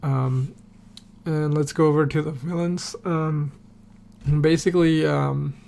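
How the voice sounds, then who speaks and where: A man's voice: on the high side, fairly even intonation, slow, creaky, a little mellow, a little hiss or hum. A man recapping a TV episode on a podcast in a casual, rambling way, full of fillers and casual swearing. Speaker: podcast host.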